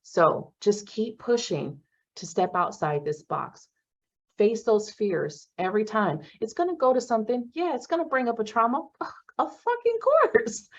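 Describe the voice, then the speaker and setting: A woman facilitating a self-help class in casual talk, blunt and profane, with animated bursts. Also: medium pitch, normal speed, dull audio.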